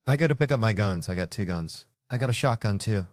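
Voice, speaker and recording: Stand-up comic, middle-aged man, lowish voice, dry close sound, profane and animated. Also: fast talker, hardly any pauses, no echo. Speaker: stand-up comedian. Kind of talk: stand-up storytelling.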